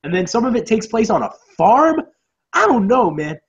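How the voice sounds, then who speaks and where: A man co-hosting a casual movie review chat, sarcastic and animated, swearing freely. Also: high voice, normal speed. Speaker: podcast co-host. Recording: dull lo-fi audio.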